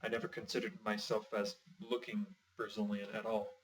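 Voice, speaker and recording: A man's voice: fairly low pitch, little pitch movement, a little fast, crowd noise. A man teaching a language lesson in a chatty, explanatory way, with light jokes. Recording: distant from the mic.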